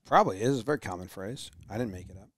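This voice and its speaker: A man's voice: lowish voice, animated, racing, a bit bright. A man co-hosting, giving blunt, matter-of-fact advice in casual reaction chat. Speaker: co-host.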